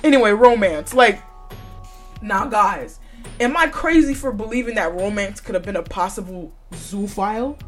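A woman's voice: mid-range voice, lively intonation, normal speed, faint music behind. A woman hosting a podcast, giving blunt, profane opinions in casual chat and often breaking into laughter. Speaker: podcast host.

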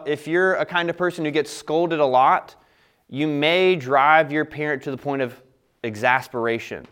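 Young male Bible teacher, slightly high and very clear voice, casual explanatory delivery. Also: a bit bright. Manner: conversational, explains scripture with frequent "all right" and restarts.

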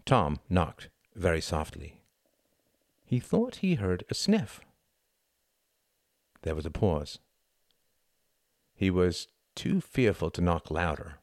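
Deep-voiced man narrating a novel. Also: very animated, dry recording, clean studio sound. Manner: quiet, measured storytelling. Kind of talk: audiobook narration.

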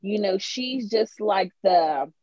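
A woman's voice: mid-range voice, animated, slow, warm tone, dry recording. Woman rambling through gossip on a podcast, lots of ums, dry muffled sound. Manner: rambling storyteller with many fillers. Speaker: podcast co-host. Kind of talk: casual gossip chat. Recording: slightly dull lo-fi sound.

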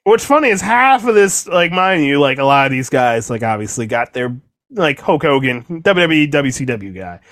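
A young man co-hosting a podcast, recapping wrestling in a profane, exasperated, animated rant. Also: fairly high pitch, moderate pace. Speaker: podcast co-host. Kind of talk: casual wrestling recap chat.

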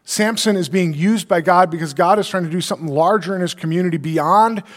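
A man's voice: high voice, brisk, big-room sound. A male pastor delivering an earnest sermon, quoting scripture and asking rhetorical questions.

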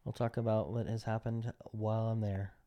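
A man's voice: fairly low pitch, level tone, moderate pace, warm tone. A man from Texas co-hosting a casual podcast chat, joking and provocative and laughing often. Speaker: podcast co-host.

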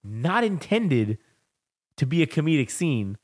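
A man's voice: on the high side, a little slow. A man co-hosting a podcast, retelling film scenes in a casual, profane chat and acting out lines. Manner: animated, profane storytelling, acts out movie lines. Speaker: podcast co-host.

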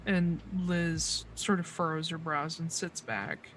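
A game master narrating a tabletop session in a relaxed, filler-heavy way. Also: mid-range voice, takes it slowly, slight background noise.

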